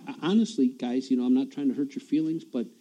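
A man's voice: mid-range voice, steady tone, quick pace, dark tone, lo-fi sound. A man preaching a sermon in a church, talking in a conversational way, often repeating words and chuckling at himself.

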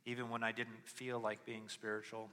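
A man's voice: fairly low pitch, completely flat delivery, moderate pace. Impassioned preacher man in a reverberant hall. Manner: swings from quiet reflection to loud impassioned pleading. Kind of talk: sermon with personal testimony.

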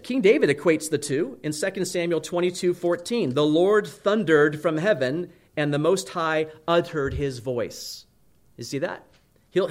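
Man preaching in a chatty way. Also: fairly high pitch. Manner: conversational preaching, frequent "right?" tag questions. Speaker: pastor. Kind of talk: sermon.

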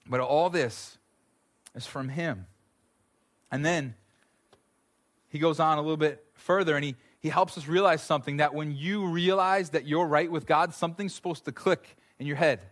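Preaching with a voice on the high side, a pastor in his thirties delivers a sermon full of animated storytelling. He builds each point by repeating words.

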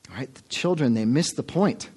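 A man's voice: mid-range voice, expressive, a little fast, mellow, husky. Earnest man preaching a sermon. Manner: earnest, addresses the congregation as folks. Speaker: pastor.

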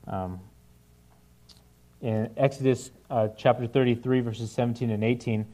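A man's voice: medium pitch, fairly even intonation, a little slow, mellow. A young man giving a casual, conversational sermon, with many fillers and frequent "right?" asides to the listeners. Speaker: preacher.

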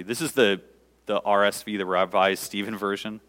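A man preaching a sermon, telling a story in an animated, conversational way in a church hall. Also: fairly low pitch, normal speed. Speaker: pastor. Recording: echoey hall reverb.

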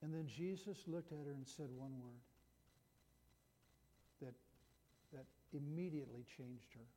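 Guy preaching, kinda high but mellow voice, lots of restarts, big hall echo. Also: unhurried, a little hiss or hum. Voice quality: conversational, with frequent restarts and repeated words. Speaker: pastor. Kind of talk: sermon retelling a Bible story. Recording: long hall reverb.

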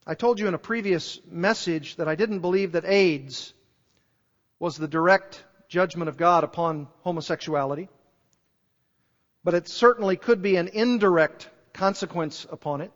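A man's voice: high voice, moderate pace. A man preaching a sermon in an earnest, emphatic way, pressing his listeners with repeated rhetorical questions. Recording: dull recording with long hall reverb.

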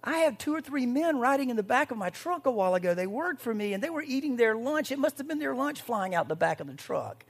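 A preacher voicing a flustered male truck driver who loudly denies littering, in a high, indignant voice. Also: lively intonation, fast, few pauses, breathy edge. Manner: high, loud, indignant protesting.

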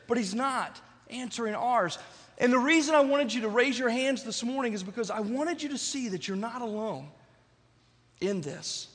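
A man's voice: very high-pitched, a bit bright, long reverb tail. A man pastor preaching a conversational sermon to his congregation, repeating phrases and checking in with "right?". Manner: repetitive, rhetorical, conversational preaching with frequent "right?". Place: church sanctuary.

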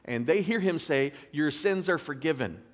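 A man's voice: on the high side, normal speed. Man preaching casually in a reverberant hall. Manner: animated storytelling with asides and little laughs; casual, conversational preaching with fillers. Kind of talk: sermon reading and explaining scripture.

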